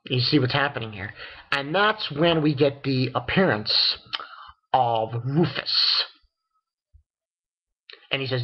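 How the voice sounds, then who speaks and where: A man casually recapping a manga chapter, excitable and profane, with many restarts. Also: mid-range voice, measured pace, husky, highs cut off. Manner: excitable, swears, retells dialogue with many restarts. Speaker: manga reviewer.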